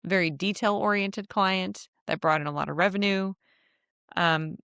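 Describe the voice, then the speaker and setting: A woman's voice: mid-range voice, moderate pace, vocal fry, fairly bright tone, smooth, no echo, clean studio sound. A woman hosting a casual solo podcast, chatty and laughing often as she acts out little quotes. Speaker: podcast host.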